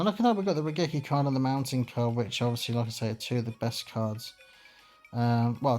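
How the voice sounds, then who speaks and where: A man's voice: mid-range voice, a little mellow. A man hosting a let's play, talking through his moves in a rambling, chatty way with many fillers. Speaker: gaming channel host.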